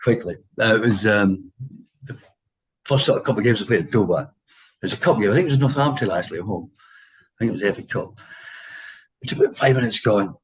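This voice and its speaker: A man's voice: fairly low pitch, animated, a little fast, pauses often, poor audio. A man in his sixties with an English accent, a former footballer telling dressing-room stories in a casual interview, full of laughs and quoted voices.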